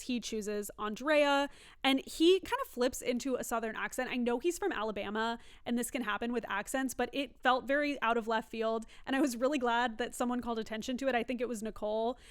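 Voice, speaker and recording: A woman's voice: on the high side, smooth. A young woman giving a casual, opinionated TV recap, chatty and laughing often. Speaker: TV recap reviewer.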